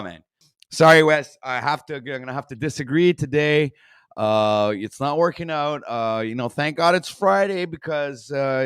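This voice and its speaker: A man's voice: medium pitch, a bit bright, clear, resonant tone, no room sound, clean studio sound. Foul-mouthed man ranting off the cuff. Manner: swears constantly, rants and trails off with fillers. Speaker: host reacting to a video. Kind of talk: profane rambling commentary.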